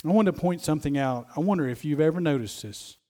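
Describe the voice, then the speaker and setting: A man's voice: a little high, animated, fast talker, dark tone. A man preaching a sermon, emphatic, often repeating phrases and restarting as he stresses a point.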